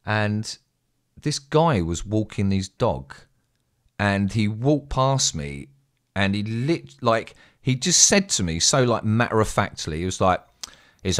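An English man telling a rambling, sweary story in a casual, animated way as a streamer. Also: lowish voice, takes it slowly. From England.

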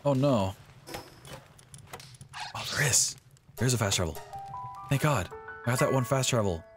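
A young man streaming a video game live, talking excitedly to the characters on screen. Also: medium pitch, a little slow, soft background music. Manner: excitable, talks to the game's characters. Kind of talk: live gameplay commentary.

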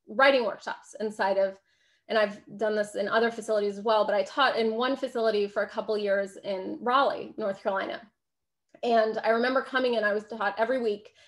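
Lively conversational woman speaking. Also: fairly high pitch. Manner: conversational, emphatic, laughs often, frequent "right?". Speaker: author giving a book talk. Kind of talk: public talk.

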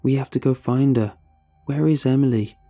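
A man voicing an eerie young man who repeats himself in a flat, unnatural cadence. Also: medium pitch, normal speed, soft background music, pitched above the performer's own voice, lightly acted.

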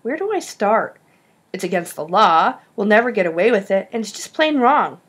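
A woman's voice: medium pitch, big pitch swings, normal speed, breathy edge. A woman voicing a cautious schoolboy who refuses his friend's plan with worry. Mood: worried. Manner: reluctant, worried.

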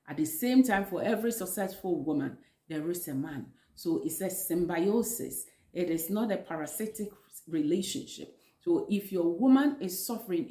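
A woman with a Ghanaian English accent vlogs from her home kitchen, giving earnest, preachy relationship advice to camera and repeating phrases for emphasis. Her voice is lowish and darkish in tone, with a reverberant sound.

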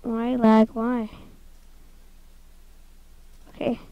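A woman giving casual, excitable gameplay commentary, giggling and talking to the game as she plays. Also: fairly high pitch, very slow, clean tone, highs cut off.

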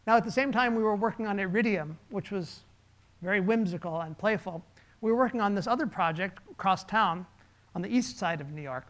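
A man, a designer, giving a relaxed, conversational presentation with slides, pausing with fillers. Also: high-pitched.

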